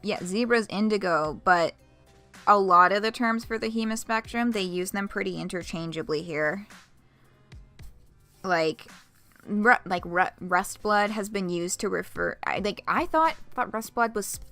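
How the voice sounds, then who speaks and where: A chatty woman streamer talking through a game she reads aloud, laughing often and swearing freely. Her voice carries a steady gravelly fry. Faint music plays underneath. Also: medium pitch, a little slow. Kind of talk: casual let's-play commentary, reading a game aloud.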